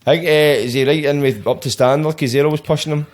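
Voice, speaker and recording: A man's voice: on the high side, steady tone, fast. A Scottish man hosting a podcast, talking in blunt, sweary, casual banter. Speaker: podcast host.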